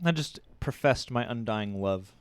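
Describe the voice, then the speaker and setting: A man's voice: mid-range voice, expressive, moderate pace, smooth. A man co-hosting a live stream, joking around and reading viewer comments aloud in a casual way.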